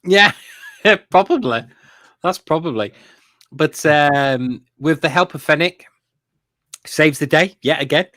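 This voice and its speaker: A man's voice: on the high side, slow pace, pauses often, fairly bright tone, dry recording, clean studio sound. A man co-hosting a podcast, chatting in an enthusiastic, rambling way with lots of fillers and laughs. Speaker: podcast co-host. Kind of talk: casual fan review chat.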